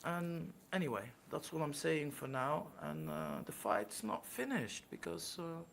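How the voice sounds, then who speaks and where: A woman guest on a live stream, speaking earnestly in a halting way, often restarting her sentences. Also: low voice, very animated, vocal fry, a little hiss or hum. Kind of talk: casual chat.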